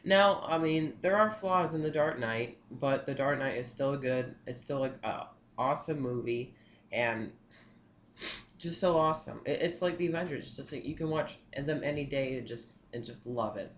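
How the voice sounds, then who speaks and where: A man's voice: medium pitch, normal speed. Young guy rambling about movies, lots of "i mean", kinda dull lo-fi mic, faint hum behind. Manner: rambling, repeats "I mean", excitable. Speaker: vlogger. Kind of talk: casual opinion vlog.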